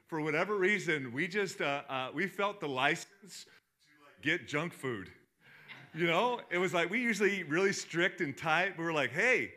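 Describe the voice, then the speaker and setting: A man's voice: on the high side, pushed and bright. A middle-aged man giving a sermon as a pastor, talking conversationally with lots of restarts and fillers.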